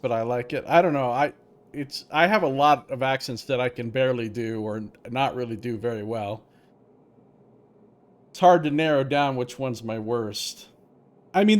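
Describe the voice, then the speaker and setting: A young man casually commentating a live-streamed game and chatting with viewers, relaxed and rambling. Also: mid-range voice.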